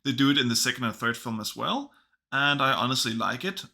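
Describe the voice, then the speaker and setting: A man's voice: mid-range voice, lively intonation, fairly quick, gravelly, pushed and bright. A man casually reviewing films, chatty and enthusiastic. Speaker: film reviewer. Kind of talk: casual video review commentary.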